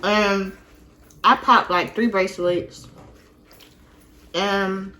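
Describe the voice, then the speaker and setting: A woman's voice: mid-range voice, fairly even intonation, extremely slow, sharp tone, a little hiss or hum. A young woman hosting a vlog, chatting casually as she retells a story with plenty of fillers. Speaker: vlog host.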